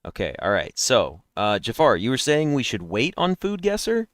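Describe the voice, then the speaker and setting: A man's voice: medium pitch, wildly swooping pitch, moderate pace, dry recording, clean studio sound. A man streaming daily guessing games, chatting and rambling nonstop to his viewers through a headset mic while yawning. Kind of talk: casual live-stream chat.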